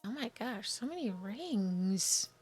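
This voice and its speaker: Over faint game music, a let's play gamer talks her way through a video game, musing aloud, chatty, and confused by the menus. She speaks at a medium pitch, animated yet slow, with a slightly mellow quality.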